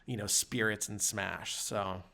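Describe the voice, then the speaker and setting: A man's voice: lowish voice, fairly even intonation, unhurried, creaky, sharp tone. A man hosting a podcast, chatting casually with dry, wry humor and wrapping up the show. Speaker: podcast host. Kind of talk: casual chat.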